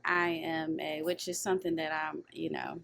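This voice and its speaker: A woman guest on a podcast in casual chat, talking in an expressive, reflective way and laughing easily. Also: low voice, moderate pace, gravelly, background noise.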